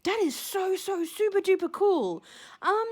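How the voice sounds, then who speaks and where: A young woman talks to her viewers in a casual vlog, gushing and rambling with plenty of fillers. Her voice sits high and swoops all over the place. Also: animated, unhurried, darkish tone. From Australia. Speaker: shell-collecting vlogger.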